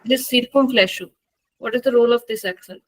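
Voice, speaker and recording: A woman teaching a live online language class, slow and patient, repeating words for the students to drill. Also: on the high side, a little hiss or hum, poor audio.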